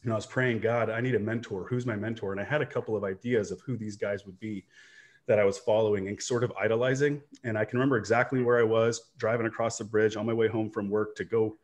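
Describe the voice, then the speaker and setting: Earnest, lower-voiced man telling his story. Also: fairly even intonation, quick pace. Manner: earnest and reflective, rambling restarts, frequent "right?" tags. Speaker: online business owner and coach. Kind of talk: candid personal storytelling in a video-call interview. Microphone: video call.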